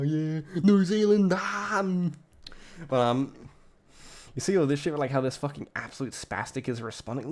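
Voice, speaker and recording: An Australian man streaming from a home setup, talking casually in a rambling, profane way that keeps breaking off mid-thought. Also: mid-range voice. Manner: rambling, profane, self-interrupting. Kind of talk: casual live-stream commentary.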